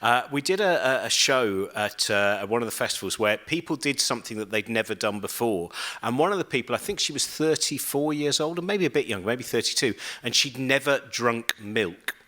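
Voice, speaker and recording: A man telling hesitant, animated anecdotes in casual chat over a video call and acting out the people in them. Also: medium pitch, a little fast. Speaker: scientist guest.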